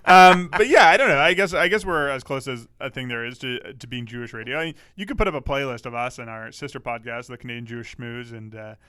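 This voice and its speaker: A man's voice: medium pitch, a bit bright, no room sound. A man co-hosting a podcast in a studio, chatting casually with dry, wry humor. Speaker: podcast co-host. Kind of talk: casual chat.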